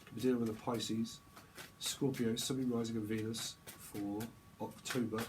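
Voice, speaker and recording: A man's voice: on the low side, little pitch movement, moderate pace, noisy background. A man giving a casual, rambling tarot reading, joking and laughing often. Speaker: tarot reader.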